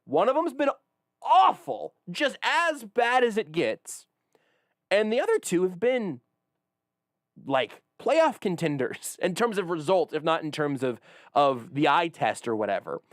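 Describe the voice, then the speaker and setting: Lively, animated male radio host. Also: high voice, unhurried, dry recording, studio quality. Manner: animated, wry, leads the conversation. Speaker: radio sports talk host. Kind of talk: casual sports radio banter.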